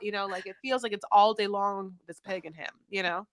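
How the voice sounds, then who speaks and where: A woman co-hosting a podcast, chatting casually and animatedly about a reality show, with plenty of swearing and quick impressions of people. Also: medium pitch, dry recording, studio quality. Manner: animated, profane, mimics people in put-on voices. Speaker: podcast co-host.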